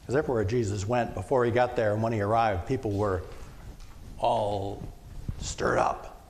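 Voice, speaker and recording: A male pastor giving a conversational sermon, now and then acting out loud shouted quotes. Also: fairly low pitch, steady tone, moderate pace. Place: church sanctuary. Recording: long church reverb, faint room noise.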